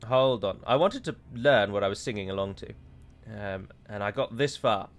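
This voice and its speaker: A man's voice: on the low side, animated, normal speed, faint music behind. A British man giving chatty live commentary as he plays a strategy game, breaking into mock-heroic pronouncements. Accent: British English. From United Kingdom.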